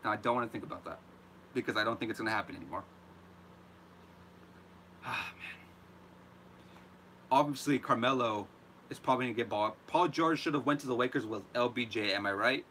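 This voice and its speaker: Bright-voiced man ranting animatedly. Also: medium pitch, brisk, long pauses, a little hiss or hum. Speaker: host. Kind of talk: live reaction rant.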